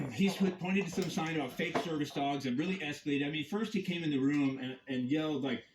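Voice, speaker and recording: A man's voice, pitched a little high, pours out a heated and rambling account laced with profanity. He records himself on a phone from inside a vehicle. The sound is echoey, with a faint hiss of noise. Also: fairly quick. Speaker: campground guest confronting staff and police. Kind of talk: agitated first-person rant. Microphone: phone camera.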